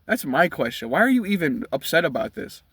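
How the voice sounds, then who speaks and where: Sitting in his car, this vlogger in his 20s vents in a blunt, heated commentary full of profanity. His slightly high, husky, somewhat bright voice is brisk and very animated, with no room sound.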